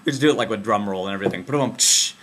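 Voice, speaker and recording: A young man doing a casual, slangy comic commentary monologue, jumping between excited bursts and low deadpan asides. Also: rapid-fire. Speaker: comedian. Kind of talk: comedic political commentary monologue.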